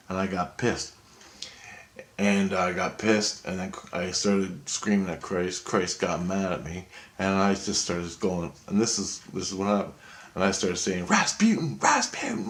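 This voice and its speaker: A man in a rambling, profane monologue, telling his story excitedly. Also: sits low.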